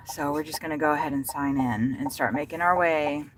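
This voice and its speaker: Woman, lowish voice, rambling profane car-cam chat over road noise. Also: moderate pace. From Texas. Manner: chatty, profane, excitable. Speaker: rideshare delivery driver livestreaming. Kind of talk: casual driving livestream chat. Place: inside a moving car. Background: road and engine noise.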